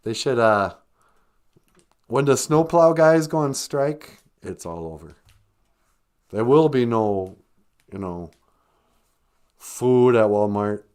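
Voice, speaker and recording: A man's voice: mid-range voice, lively intonation, slow, long pauses, a little mellow, clean tone. A man hosting a casual live-stream podcast, joking and rambling as he teaches native words offhand. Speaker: podcast host.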